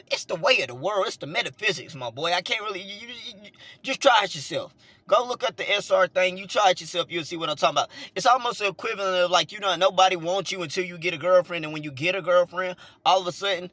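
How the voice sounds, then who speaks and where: A Southern-accented man, a vlogger and minister, talks casually from inside his car in a high, pushed, bright voice. The recording is dry, and he rambles through a story, repeating words and chuckling between points.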